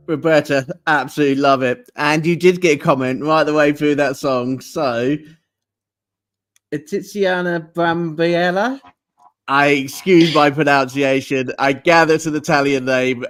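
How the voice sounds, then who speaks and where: A man's voice: medium pitch, fairly bright tone. A man hosting an online music show, chatting with a guest and praising the performance with enthusiasm. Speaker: show host. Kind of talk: casual interview chat.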